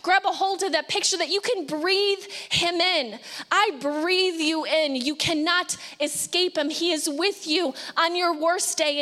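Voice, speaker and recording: A woman pastor preaching a sermon with passion, sometimes acting out anxious pleas and dropping to a hushed voice. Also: high-pitched, long reverb tail.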